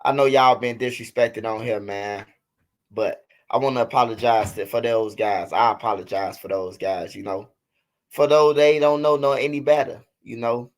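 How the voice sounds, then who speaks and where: A man's voice: lowish voice, moderate pace. A man in his thirties hosting a livestream, talking loosely and profanely in casual chat. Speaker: livestream host.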